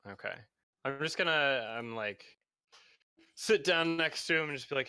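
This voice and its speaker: Pria santai agak mabuk, suara terang. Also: male voice, medium pitch, animated, normal speed, pushed and bright, clean tone. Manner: laid-back, hesitant, many fillers. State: tipsy. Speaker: player. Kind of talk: casual chat in a tabletop game.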